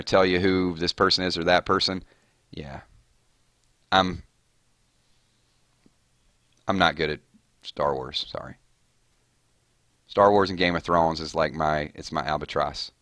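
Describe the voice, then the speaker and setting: A man's voice: low voice, unhurried, pauses often, a bit bright, dry recording, clean studio sound. A man chatting casually with his viewers while live-streaming a game, rambling off on tangents. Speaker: gaming streamer.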